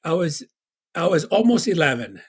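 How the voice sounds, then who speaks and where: A man from Tonga, telling a personal story as an interview guest, halting and full of "you know". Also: on the high side, big pitch swings, slightly rough.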